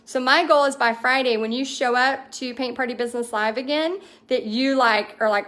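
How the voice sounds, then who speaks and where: A woman in her thirties hosts a livestream in a fairly high voice. She reads out viewer comments and answers them in a bubbly, enthusiastic, chatty way, with plenty of ums along the way. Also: moderate pace, hardly any pauses, fairly bright tone. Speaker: host of a paint party business livestream.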